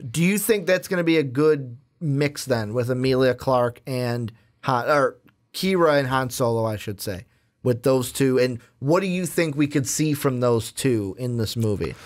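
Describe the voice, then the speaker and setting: A young man co-hosting a casual movie chat, rambling and animated. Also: medium pitch, normal speed. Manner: rambling, animated, swears now and then. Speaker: podcast co-host.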